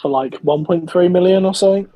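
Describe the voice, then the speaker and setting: A man in a casual chat, calmly sharing football trivia. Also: sits high, fast talker.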